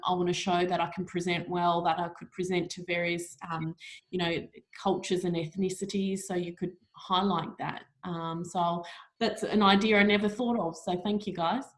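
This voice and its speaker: Measured, low-voiced woman. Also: low-quality recording. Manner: measured, many pauses. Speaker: meetup attendee. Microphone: video call.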